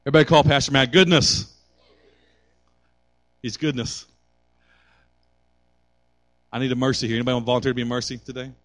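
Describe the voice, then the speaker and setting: A man's voice: medium pitch, steady tone, a little fast, pauses often, a bit bright. A middle-aged man preaching a sermon with call and response, building to impassioned exhortation. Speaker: pastor.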